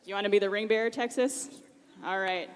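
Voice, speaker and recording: A woman's voice: mid-range voice, steady tone, a little fast. A woman hosting a live convention panel, teasing and joking on stage. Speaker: panel host. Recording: live hall with reverb, crowd noise.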